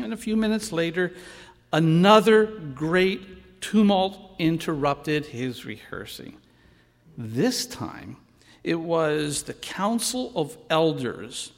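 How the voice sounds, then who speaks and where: A man preaching a sermon, telling a story in a slow and expressive way. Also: a little high, creaky. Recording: long hall reverb.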